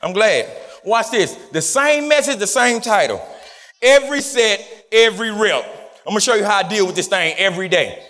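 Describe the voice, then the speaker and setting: A man's voice: sits high, animated, normal speed, a bit bright, big-room sound. A man preaching a sermon, emphatic, repeating his phrases for the congregation.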